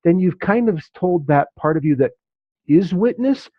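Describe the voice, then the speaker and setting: A man's voice: high voice, lively intonation, normal speed, no echo. A man leading a class discussion, who acts out the inner voices he quotes. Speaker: class teacher. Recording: dull dry lo-fi recording.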